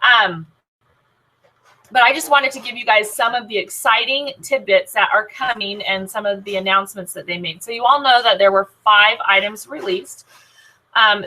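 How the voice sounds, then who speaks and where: A woman with a bright, clear voice gives a casual team training talk. She rambles cheerfully, filling her speech with ums and quick restarts, always upbeat and eager. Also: mid-range voice, rough recording. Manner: chatty, many filler "um"s and restarts, upbeat. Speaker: team leader of a sales team.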